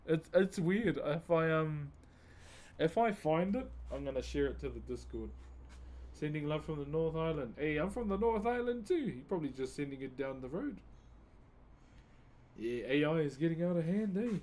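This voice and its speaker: A man's voice: fairly high pitch, animated, normal speed, a little mellow. A laid-back man from New Zealand with a New Zealand accent, chatting casually with his live-stream viewers while he carves wood and calling them bro.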